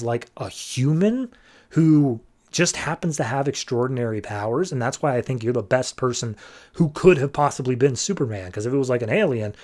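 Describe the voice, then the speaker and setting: A man's voice: mid-range voice, a little mellow. A man hosting a comic book podcast, loosely retelling a story in casual chat and paraphrasing the characters' dialogue with lots of "like".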